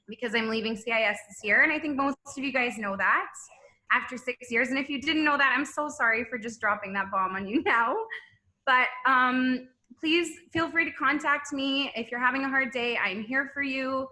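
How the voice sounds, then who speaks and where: Bright-voiced teacher choking up. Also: female voice, high voice, normal speed. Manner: choked up, laughing through tears. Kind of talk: emotional farewell speech.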